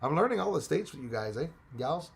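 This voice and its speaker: Canadian man, gravelly voice, loose jokey stream host reading chat aloud. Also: fairly high pitch, big pitch swings, fairly quick. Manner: rambling, jokey, greets viewers by name. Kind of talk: casual live chat.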